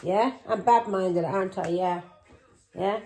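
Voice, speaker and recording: A woman's voice: medium pitch, normal speed, warm tone, poor audio. A middle-aged woman, a tarot reader who talks in an angry, accusing way, swearing and firing taunting questions. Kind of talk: tarot reading vlog.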